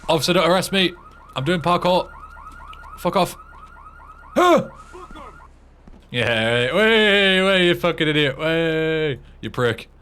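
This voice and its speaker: A man putting on a stereotypical Scottish accent, voicing a brash, sweary Scotsman who gets loud and exasperated. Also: fairly high pitch, lively intonation, moderate pace, a little hiss or hum, voice pushed up. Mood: shouty. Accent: put-on Scottish.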